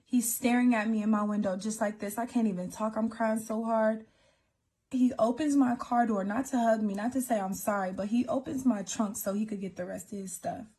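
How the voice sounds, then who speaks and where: A woman's voice: a little high, fairly even intonation, mellow, husky. A woman telling a dramatic personal story, acting out what was said. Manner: dramatic, reenacts quotes, fast retelling. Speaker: storyteller in a played clip.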